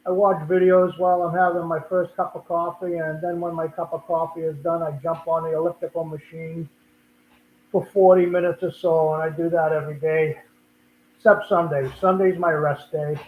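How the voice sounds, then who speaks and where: Hosting a laid-back livestream chat, an older Boston-accented man rambles at a moderate pace, frequently repeating and restarting words. His fairly high voice shows little pitch movement. The recording sounds tinny and phone-like, very echoey, with slight background noise.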